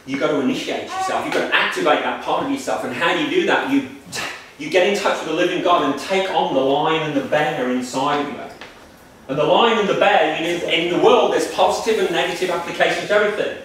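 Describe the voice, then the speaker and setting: A man's voice: a little high, quick pace, a bit bright, heavy reverb, a little hiss or hum. A man giving a spiritual workshop lecture in an emphatic, repetitive, preacher-like way, recorded on a distant mic in a lecture room.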